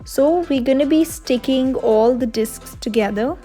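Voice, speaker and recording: A woman's voice: high voice, measured pace, dark tone, soft background music. A young woman, host of a cooking channel, explaining a recipe step by step in a voice-over.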